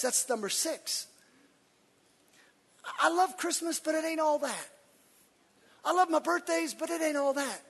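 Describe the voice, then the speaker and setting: A man preaching to his congregation with a high, bright, slightly breathy voice that leaps up and down as he acts out little scenes. He swings from hushed asides to shouted exclamations. His words ring out with a long reverb in a big church hall. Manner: animated, preacherly, acts out quotes with shouts and laughs. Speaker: pastor. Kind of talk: sermon.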